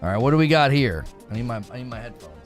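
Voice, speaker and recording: Giggly, animated male game streamer. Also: medium pitch, racing, faint music behind. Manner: laughs constantly, playful and mock-exasperated. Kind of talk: casual live-stream chat.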